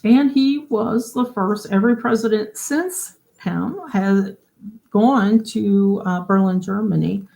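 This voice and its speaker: Woman, livestream host, mid-pitched, casual and chatty, explains and asks viewers questions. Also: slow pace, creaky, mellow. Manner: chatty, explains while showing pages, often asks the audience questions.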